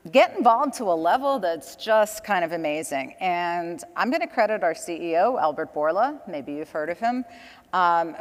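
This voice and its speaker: A woman's voice: on the low side, in a large hall. A woman speaking as a guest on a conference panel, a chatty storyteller who laughs between her points. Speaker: panel guest, communications director. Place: conference stage.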